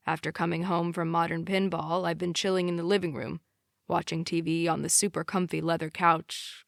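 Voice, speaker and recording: A woman narrating a romance audiobook in the first person, with steady, unhurried storytelling. Her voice is on the low side. The sound is dry and close. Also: creaky, dry recording.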